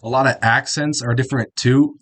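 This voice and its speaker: A man's voice: medium pitch, fairly even intonation, a little fast, a bit bright. A young man with a Midwestern American accent, hosting a reaction video and chatting in a loose, rambling way. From South Dakota, US Midwest. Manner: rambling, informal, self-correcting. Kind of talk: casual commentary.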